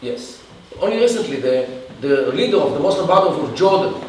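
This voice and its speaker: A man answering an audience question in a halting lecture style, with many restarts and pauses. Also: high voice, big pitch swings, a little mellow. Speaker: guest speaker. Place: event hall. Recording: echoey room from far off, faint hiss.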